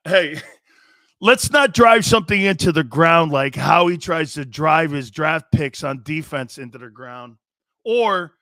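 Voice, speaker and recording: A man's voice: a little high, sharp tone. A man hosting a casual live sports talk show who keeps breaking into laughter, jokes around and answers viewer comments by name.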